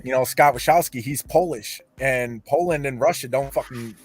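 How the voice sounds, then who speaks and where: A man's voice: medium pitch, normal speed, breathy edge, faint music behind. Profane, rambling male storyteller. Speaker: podcast host. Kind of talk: casual storytelling chat.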